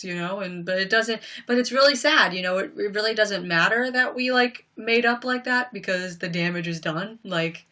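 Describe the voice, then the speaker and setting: Bright-voiced young woman chatting on a livestream. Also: medium pitch, normal speed, few pauses, recorded from a distance. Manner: rambling, lots of fillers, emphatic. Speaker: livestream host. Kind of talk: casual livestream chat.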